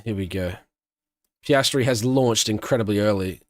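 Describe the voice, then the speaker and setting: A man's voice: fairly low pitch, normal speed, no echo, studio quality. A man streaming a live race watch-along, giving casual commentary and answering questions from his chat. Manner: chatty, answers chat questions, breaks into excited shouting at big moments.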